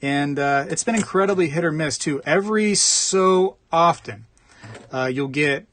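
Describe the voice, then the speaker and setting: A man's voice: a little high, measured pace, fairly bright tone. A man hosting a casual livestream from the United States, rambling while he reads comments, repeating himself and laughing often. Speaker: coin roll hunting livestream host.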